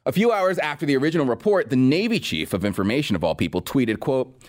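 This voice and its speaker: A man's voice: mid-range voice, big pitch swings, fast. A man hosting a political commentary show, talking in a sarcastic, mocking way. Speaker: podcast host.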